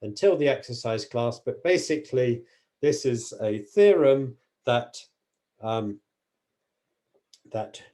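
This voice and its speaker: A male university lecturer talks through a mathematics lecture with a mellow, warm tone. He explains carefully, correcting himself and filling pauses with small hesitations. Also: on the low side. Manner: careful, self-correcting explanations with frequent fillers.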